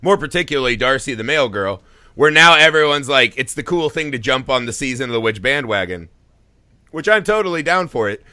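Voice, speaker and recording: A man's voice: medium pitch, a little fast, dry recording. A man co-hosting a film podcast, talking casually and with energy, swearing freely and laughing often. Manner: animated, profane, laughs often. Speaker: podcast co-host.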